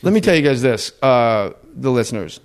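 A man's voice: medium pitch, sing-song, moderate pace, clear, resonant tone. A man hosting a casual comedy podcast, riffing and telling stories with lots of animation.

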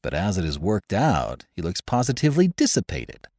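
A man voicing a fretful young artist in an audiobook story, speaking in a hesitant, worried way. His delivery swings a lot in pitch, and the recording is very dry and close. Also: huge pitch swings, normal speed, a little mellow, dry recording, exaggerated voice. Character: anxious young male portrait painter.

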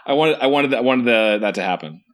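A man's voice: fairly low pitch, expressive, brisk, a bit bright. A man co-hosting a casual podcast, joking and reacting while discussing a book. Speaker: podcast co-host.

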